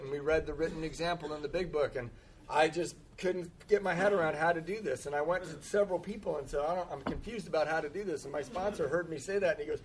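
Speaking fairly quickly in a slightly high voice, this man shares his personal story at a recovery meeting. He's candid about it, poking fun at himself and laughing often.

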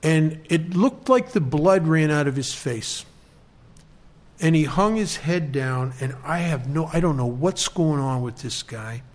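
A man with a slightly high voice tells a personal recovery story. He speaks in an earnest, halting way, often restarting his sentences.

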